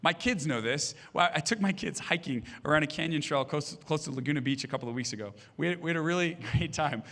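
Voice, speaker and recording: A man's voice: on the high side, fast talker, fairly bright tone. A man in his thirties preaching a sermon as pastor, telling funny family stories and acting out the voices of the people in them. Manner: humorous storytelling, acting out voices. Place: church stage.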